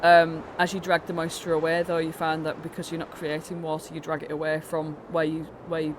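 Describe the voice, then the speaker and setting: A woman's voice: low voice, completely flat delivery, fairly quick, noisy background. A British woman narrating as the dungeon master of a tabletop game, rambling through descriptions with many fillers and restarts. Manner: meandering, full of fillers and restarts.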